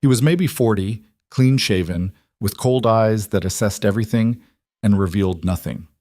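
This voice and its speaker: A man reading a Western story as scripted narration, in a steady, measured way. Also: on the low side, no echo, clean studio sound.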